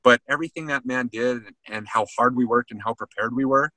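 A man's voice: medium pitch, brisk, dry recording, rough recording. A man, a former college football player, telling a story in a casual interview and often saying "man". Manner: animated storyteller, says "man" a lot.

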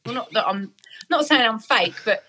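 Bright, husky, chatty woman. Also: fairly high pitch, animated, moderate pace. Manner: chatty storyteller, laughing often, acts out voices. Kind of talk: casual chat.

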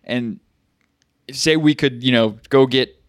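A man's voice: mid-range voice, slow pace, dry recording, clean studio sound. A man co-hosting a podcast, musing and rambling in casual chat with lots of fillers and restarts. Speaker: podcast co-host.

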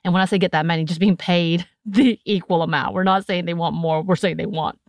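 American woman cohosting a podcast, chatty, laughs a lot, lowish voice, dead dry mic. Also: brisk, no room sound. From United States. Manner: chatty and animated, often laughing, breaks into put-on voices. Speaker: podcast co-host. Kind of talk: casual chat.

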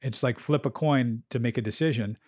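A man's voice: medium pitch, fairly quick, a little mellow, breathy edge, no echo. Candid swearing male therapist, dry sound. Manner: candid, swears freely, acts out client quotes. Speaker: therapist and podcast co-host. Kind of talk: casual podcast chat.

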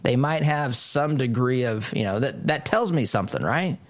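Male talk radio host, emphatic monologue, mid pitch, mocking asides. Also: animated, normal speed. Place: studio.

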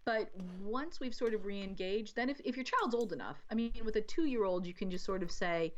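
A woman guest talking about parenting in a casual podcast chat, explaining in an animated way and acting out little quotes. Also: medium pitch, fairly quick, few pauses. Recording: dull lo-fi audio.

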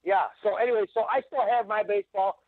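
Excitable Midwestern man on a phone line. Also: high-pitched, fast, no echo. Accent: Midwestern American. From Wisconsin. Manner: rambling, excitable, stumbling restarts. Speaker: caller. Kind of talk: casual call-in chat.

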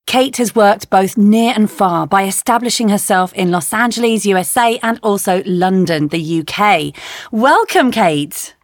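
A woman's voice: medium pitch, measured pace, no echo, studio quality. Effusive woman podcast host. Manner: enthusiastic, effusive praise. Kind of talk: interview podcast.

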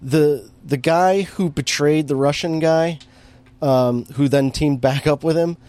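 A man's voice: fairly high pitch, a little slow, a little mellow, no room sound. A man in casual chat, recapping a movie with lots of fillers and restarts and an amused tone. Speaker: podcast co-host recapping a movie.

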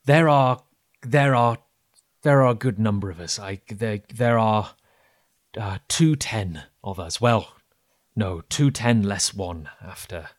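A man's voice: on the low side, lively intonation, slow pace, no echo, studio quality. A man voicing an anxious, apologetic male village leader who speaks formally. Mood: grave.

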